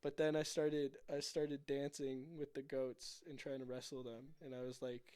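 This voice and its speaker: A young man hosting a podcast in casual chat, rambling and excitable as he tells stories and gives strong opinions. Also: mid-range voice, moderate pace, clean tone. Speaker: podcast host.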